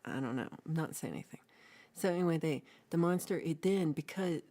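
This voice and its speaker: Low, mellow woman telling a rambling story. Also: brisk. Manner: rambling, playful storytelling with asides. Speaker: livestream host. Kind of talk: casual chat, retelling a film.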